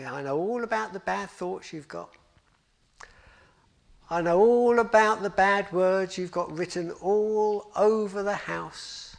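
A man voicing a gentle, loving talking candle. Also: sits high, gravelly. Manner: gentle, kind, patient.

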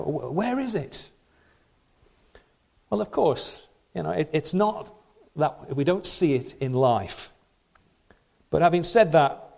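A middle-aged preacher delivers his sermon in a chatty, conversational way, pausing to ask his listeners rhetorical questions. His voice sits slightly on the high side for a man. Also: gravelly, a little mellow.

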